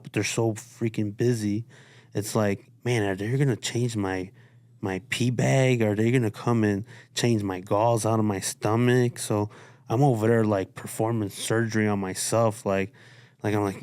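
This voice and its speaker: A man's voice: lowish voice, a little mellow, dry recording, clean studio sound. A man from Chicago, a guest on a podcast, telling his story in a laid-back, profane way and quoting what others said. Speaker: guest artist. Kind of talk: casual interview talk. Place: studio.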